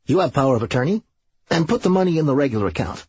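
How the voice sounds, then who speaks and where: Serge, a manic, brash schemer from an audiobook, played by a man. His voice is very husky, jumps around in pitch and races along, and the recording is dry and a bit dull. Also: sing-song, rapid-fire, a little mellow, no room sound. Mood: excitable.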